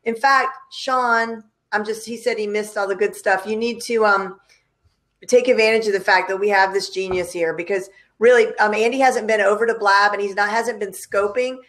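A woman's voice: mid-range voice, steady tone, normal speed, a bit bright. A woman hosting a live video chat, talking in an upbeat, chatty way. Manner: upbeat, chatty, uses fillers. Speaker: host. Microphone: video call.

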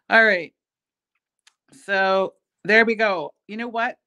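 A middle-aged woman who owns a bead shop hosts a casual beading tutorial there, speaking at medium pitch and a slow pace with frequent pauses, her tone bright and forceful. Between steps she chats freely, pokes fun at herself as she works, and laughs at her own jokes.

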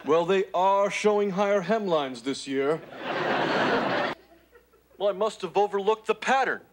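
Brief: cheeky furry alien, very high lively voice, sarcastic quips, hissy old sitcom tape with laugh track. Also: male voice, measured pace. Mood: wisecracking. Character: wisecracking furry male alien houseguest. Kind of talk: 1980s sitcom acting.

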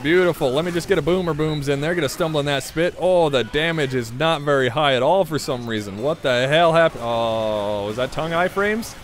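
A man's voice: fairly high pitch, a little fast, hardly any pauses, a little hiss or hum. A young man giving casual, sardonic commentary over his own gameplay, muttering to himself and swearing freely. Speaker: gaming video creator. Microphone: pop filter studio mic.

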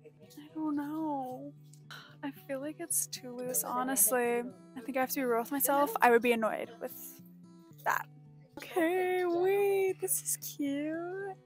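Bubbly high-voiced young Texan woman. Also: slow. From Texas. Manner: gushing, bubbly, exclaims often. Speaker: thrift vlogger. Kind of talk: excited casual vlog chat and voice-over. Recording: music playing behind the voice.

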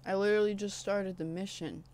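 A woman's voice: mid-range voice, steady tone, brisk, a little mellow. A young woman streaming a video game, talking casually and swearing at it when frustrated. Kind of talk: casual gameplay commentary.

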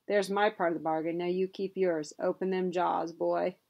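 Woman doing a low, sly frontier scoundrel. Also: fairly even intonation, normal speed, creaky, a little mellow, lo-fi sound. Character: shifty, foxy frontier scoundrel dentist, a man.

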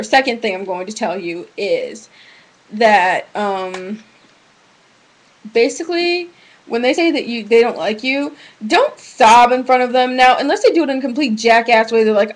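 Young woman, slightly high pitch, casual webcam vlogger, rambling and blunt advice. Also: normal speed, poor audio. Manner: rambling, chatty, restarts often, frank. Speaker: vlogger giving relationship advice.

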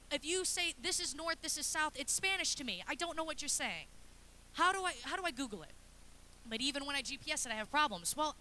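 A woman in her thirties preaching a lively, chatty sermon in a church, acting out little scenes as she goes. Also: high-pitched, slight background noise. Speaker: pastor's wife preaching. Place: church sanctuary.

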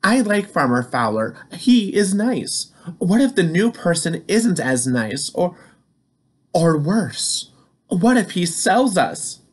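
A man's voice: fairly high pitch, steady tone, slow pace. A man voicing an anxious male farm tractor in a children's storybook, worried and stammering.

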